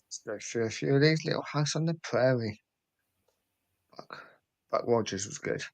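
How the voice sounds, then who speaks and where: Easygoing middle-aged host. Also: male voice, mid-range voice, normal speed, vocal fry. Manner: easygoing, prompting others to talk. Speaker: podcast host. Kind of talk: casual chat.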